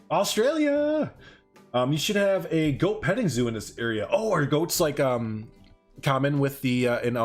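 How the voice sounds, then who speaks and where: Chatty male streamer rambling over game music. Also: mid-range voice. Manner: rambling, chatty, reading out viewer chat. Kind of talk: casual live-stream commentary.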